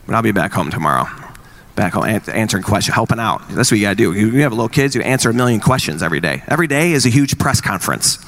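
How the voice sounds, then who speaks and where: A man's voice: lowish voice, animated, rapid-fire, fairly bright tone. A man in his thirties doing a stand-up routine, with wry, exasperated stories about marriage and parenting. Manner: wry, exasperated dad storytelling. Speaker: stand-up comedian.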